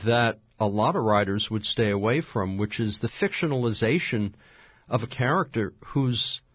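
A man hosting a radio interview, asking probing, measured questions. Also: lowish voice, expressive, breathy edge, no room sound, muffled recording.

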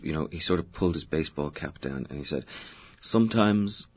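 Irish male novelist, deep and raspy, expansive talker who fills gaps with "you know", dull broadcast sound. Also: fairly even intonation, quick pace. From Ireland. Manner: expansive, digressive storyteller with many fillers. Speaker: novelist guest. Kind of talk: conversational interview answers.

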